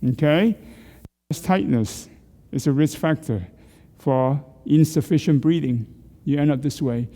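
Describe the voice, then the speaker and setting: Warm and on the high side, a middle-aged man's voice keeps a measured pace, and a long reverb tail lingers after it in the church hall. He leads a group through neck exercises, coaching, asking questions and joking with the class.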